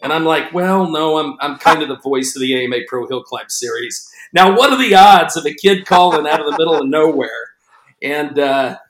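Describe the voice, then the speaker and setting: A man co-hosting a podcast, telling an animated story and acting out both sides of a phone call. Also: on the high side, moderate pace, reverberant. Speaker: podcast co-host and racing announcer.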